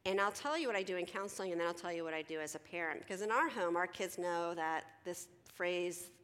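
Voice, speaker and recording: A middle-aged woman gives a conference talk as a counselor, chatty and animated, slipping into quoted voices of teenagers. Her voice sits fairly low, and a long reverb trails her words around a large hall. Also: fast talker, clean tone. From Philadelphia. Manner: animated, conversational, acts out teens and herself in quoted dialogue.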